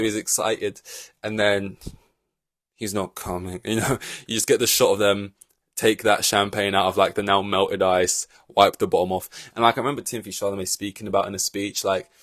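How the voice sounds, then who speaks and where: A man hosting a casual podcast, rambling in animated reaction chat with loose swearing and lots of fillers. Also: on the low side, fairly quick, dry recording. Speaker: podcast host.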